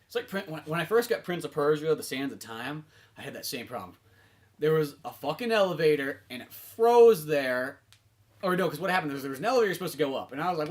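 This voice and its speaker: A man's voice: on the high side, animated, fast talker. A man co-hosting a comedy podcast, chatting loosely about video games, rambling and swearing and acting out bits. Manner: rambling, profane, acts out bits in silly voices. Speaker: podcast co-host.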